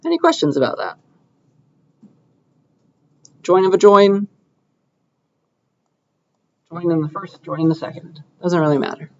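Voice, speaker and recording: A man's voice: sits high, unhurried, long pauses, darkish tone, dull audio. A man teaching a programming class, talking casually and checking in with students often as he codes live. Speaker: computer science lecturer. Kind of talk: classroom lecture with live coding. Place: lecture room.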